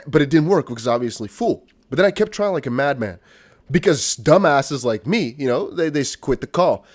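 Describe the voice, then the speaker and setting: Hyped-up guy livestreaming, high voice jumping all over, kinda breathless. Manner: excitable, shouting and laughing with relief; rambling, self-mocking. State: out of breath, sweating. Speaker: crypto livestream host. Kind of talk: excitable live-stream chat.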